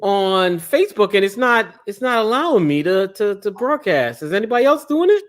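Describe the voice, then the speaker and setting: A man hosting a casual podcast chat, excitable and laughing often, his voice jumping up when he gets going. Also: sits high, brisk. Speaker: host.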